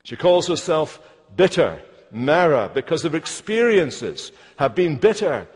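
A man's voice: a little high, big pitch swings, husky. Man preaching in a hall. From Scotland. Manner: measured, emphatic delivery with slow stressed phrases. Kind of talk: sermon. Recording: long hall reverb.

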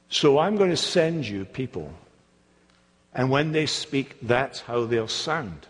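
Scottish man preaching, husky voice. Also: medium pitch, lively intonation, slow pace, long reverb tail. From Scotland. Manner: emphatic, repeats words for effect, mimics mocking voices. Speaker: pastor. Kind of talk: sermon. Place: church.

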